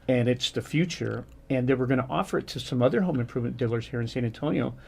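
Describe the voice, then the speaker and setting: A man's voice: medium pitch, quick pace, creaky, a little mellow, a little hiss or hum. A man in his fifties, a guest on a radio talk show, telling a rambling story with many restarts. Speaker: guest business owner.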